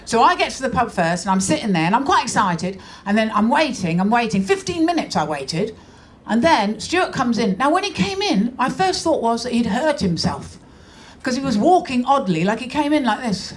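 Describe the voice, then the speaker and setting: A woman's voice: on the high side, big pitch swings, moderate pace. A middle-aged woman performing a stand-up comedy routine in a brash, conversational, mock-exasperated way on a club stage. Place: comedy club stage before a laughing audience.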